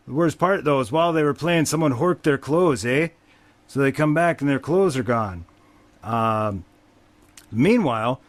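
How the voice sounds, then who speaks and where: A man's voice: medium pitch, dry recording. A man hosting a podcast, casually recapping a movie plot in a wry, rambling way with frequent swearing. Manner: profane, wry, rambling with fillers. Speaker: podcast host.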